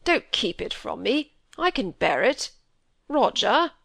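A woman's voice: fairly high pitch, very animated, takes it slowly, creaky, a bit bright, breathy edge, no echo, exaggerated voice. Woman reading as a trembling old squire. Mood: frightened, pleading. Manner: shaky, pleading, tearful. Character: elderly grieving country squire, trembling and fearful.

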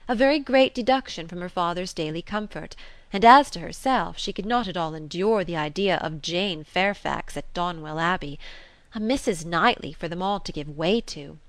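A woman narrating an audiobook of a classic novel in a measured, even manner. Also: on the low side, no echo.

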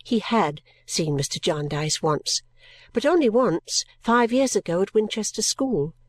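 Gentle woman reading a classic novel. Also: mid-range voice, animated, no room sound. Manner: gentle, measured storytelling. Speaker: audiobook narrator.

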